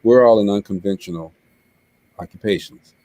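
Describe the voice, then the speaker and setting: A man's voice: lowish voice, normal speed, warm tone, rough recording. A male show host giving an earnest, preachy closing talk, stumbling and repeating words as he gets emotional. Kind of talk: heartfelt closing talk on a live web show.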